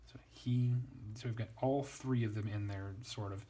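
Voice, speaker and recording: A man's voice: lowish voice, steady tone, normal speed, warm tone. A man teaching Latin translation in a casual, thinking-aloud way, wry and self-deprecating.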